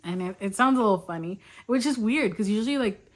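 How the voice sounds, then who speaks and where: A woman's voice: mid-range voice, expressive, quick pace. A young woman chatting casually in a reading vlog, gushing and easily delighted. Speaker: book vlogger.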